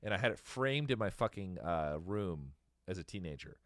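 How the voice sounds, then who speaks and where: A fairly low-voiced man in his thirties talks in a loose, rambling way, swearing freely and laughing at his own stories. The sound is dry and close, with no room echo. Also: lively intonation, fairly bright tone. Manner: rambling, profane, quick to laugh. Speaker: podcast host. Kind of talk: casual chat.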